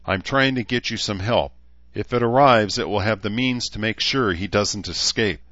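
A man voicing a commanding woman leader who speaks with earnest, measured persuasion, in an audiobook. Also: lowish voice, a bit bright, no echo, dull audio, pitched above the performer's own voice, close to an everyday voice. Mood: earnest, firm. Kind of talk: audiobook character voice.

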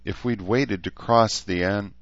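A man's voice: fairly low pitch, measured pace, gravelly, no echo, lo-fi sound, voice pushed up. A man reading aloud, voicing a weary, sardonic middle-aged woman doctor. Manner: dry, exasperated.

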